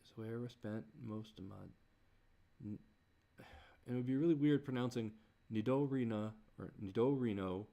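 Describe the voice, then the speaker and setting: A man thinking aloud while he composes, muttering in halting restarts and groaning at himself. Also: medium pitch, warm tone, muffled recording. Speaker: creator working on a song.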